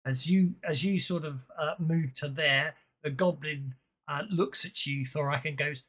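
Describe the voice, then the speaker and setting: A game master running an online tabletop game, chatting with fillers and muttering while fixing the software. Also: mid-range voice, unhurried.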